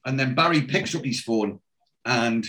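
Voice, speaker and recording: A man's voice: mid-range voice, animated, normal speed, bright, forceful tone. A man from England chatting casually as a podcast host, retelling scenes from a TV episode and quoting the characters' lines. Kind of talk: casual chat recapping a TV episode.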